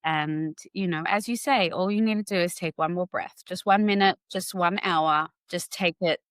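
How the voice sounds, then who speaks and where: Brief: woman host, low-ish pitch, calm supportive interviewer, dry sound. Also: moderate pace, clear, resonant tone, no echo. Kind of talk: interview conversation.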